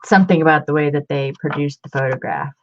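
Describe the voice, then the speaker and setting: A woman in her fifties, chatty and excitable, showing off old books in a casual vlog. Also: low voice, fast, slight background noise. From Ohio. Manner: chatty, excitable, muttering asides. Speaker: book collector vlogger. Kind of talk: casual show-and-tell. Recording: dull lo-fi home recording.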